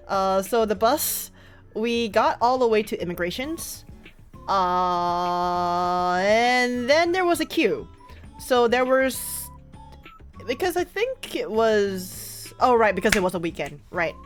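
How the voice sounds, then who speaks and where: A woman streamer telling a story in casual chat, animated and laughing often. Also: medium pitch, unhurried, soft background music.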